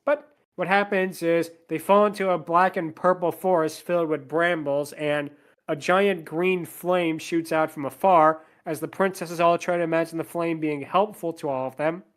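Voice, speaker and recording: A man's voice: on the high side, fairly even intonation, normal speed. A man hosting a podcast, walking through a movie's plot scene by scene and dropping sarcastic asides. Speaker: podcast host.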